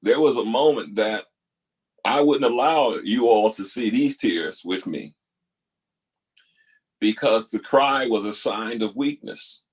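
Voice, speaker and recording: A man hosting a talk, pausing video clips to reflect earnestly, repeating key phrases for emphasis. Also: fairly low pitch, lively intonation, husky. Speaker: host reacting to video clips. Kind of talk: reflective spoken commentary.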